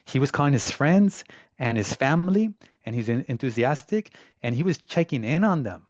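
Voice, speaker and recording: A man telling stories in a relaxed, animated way, dropping casual slang as he talks through his experience as a real estate agent. His pitch sits in the middle for a man. The recording is dry and slightly muffled, with little room sound. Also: moderate pace, no echo. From Southern California. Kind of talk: casual storytelling interview.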